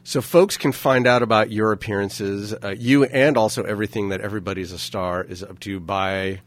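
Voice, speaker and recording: A man hosting a casual radio talk show in a studio, hoarse and breathy from a lingering cough, playful and chatty. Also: lowish voice, fairly even intonation, normal speed. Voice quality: scratchy, breathy. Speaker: radio host. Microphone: studio mic.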